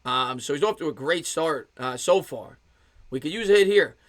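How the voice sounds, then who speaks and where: Excited fan calling play-by-play, bright voice. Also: male voice, moderate pace, dry recording, clean studio sound. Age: 30s. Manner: excited fan calling pitches, thanks chat viewers. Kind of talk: live play-by-play commentary with chat replies.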